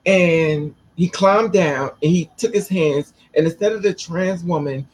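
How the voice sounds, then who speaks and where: A woman telling a personal story to camera in a blunt, profane, animated way. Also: fairly low pitch, unhurried, slightly rough, rough recording. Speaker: vlogger.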